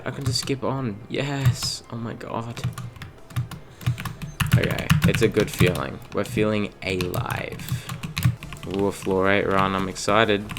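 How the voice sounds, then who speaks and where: A young man commentating his own gameplay in a self-mocking, excitable way, at a home computer. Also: mid-range voice. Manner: self-mocking, excitable, with sudden yelps and gasps. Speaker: let's play host. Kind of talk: gaming commentary. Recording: loud game music behind the voice. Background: loud game music.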